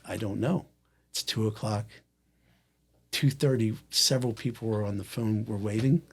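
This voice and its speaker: A man with a low, husky voice tells a personal story in casual conversation. He acts out each person's lines as he goes, switching between them with animated delivery. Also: normal speed. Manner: animated storyteller acting out quoted dialogue. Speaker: guest.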